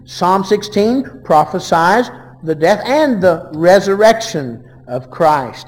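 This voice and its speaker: In a large hall, a preacher with a high-pitched voice gives a sermon. He reads verses aloud, then swings between loud declarations and quiet asides.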